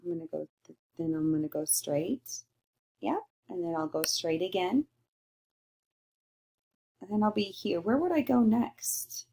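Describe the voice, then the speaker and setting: A woman teacher giving a recorded lesson to young children, slowly sounding out letters and praising answers. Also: fairly low pitch, creaky, warm tone. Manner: slow, sing-song and encouraging, sounding out letters.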